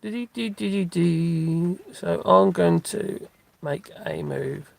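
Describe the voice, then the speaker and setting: A middle-aged man with a slightly high, gravelly voice chats loosely to his live-stream viewers. He rambles from one thought to the next with plenty of fillers and restarts. He talks into a phone while out on a dog walk. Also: slow pace, no room sound.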